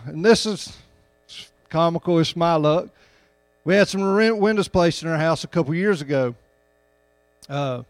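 High-voiced folksy preacher. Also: male voice, no echo. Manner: folksy storytelling, rising to loud emphatic preaching. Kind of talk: sermon.

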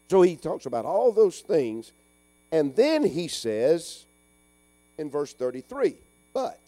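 A middle-aged man preaching a folksy call-and-response sermon, swinging between loud urging and hushed asides. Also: sits high, sing-song, moderate pace, no room sound. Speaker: pastor.

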